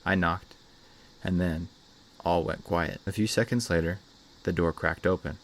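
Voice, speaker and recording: A man hosting a channel and reading a horror story aloud in a measured, dramatic way. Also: sits low, steady tone, fairly bright tone. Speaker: host, story reader. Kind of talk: scripted horror story narration.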